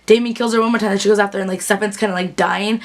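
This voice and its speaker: A woman's voice: medium pitch, fairly even intonation, very fast. Chatty young woman recapping a show. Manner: chatty and bubbly, many fillers, acts out quotes. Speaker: TV recap vlogger. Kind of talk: casual chat.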